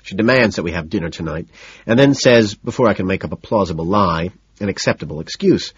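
A man reading a first-person audiobook in a deadpan, matter-of-fact way. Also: low voice, a little fast, breathy edge, no room sound. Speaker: audiobook narrator. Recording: dull lo-fi recording.

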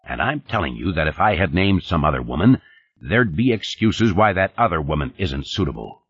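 A gruff, blunt boss with a deep, husky voice, read by a man. He snaps curt orders, and the dry, dull recording keeps it close and plain in this audiobook. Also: very animated, normal speed, no echo, exaggerated voice. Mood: irritated. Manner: curt, commanding, coarse. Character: gruff, blunt older male company boss.

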